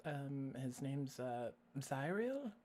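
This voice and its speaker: A tabletop player speaks in casual in-character talk and asks a lot of questions. The pitch rises and falls a lot. The delivery is animated. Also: slow pace, crowd noise. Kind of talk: casual in-character role-play.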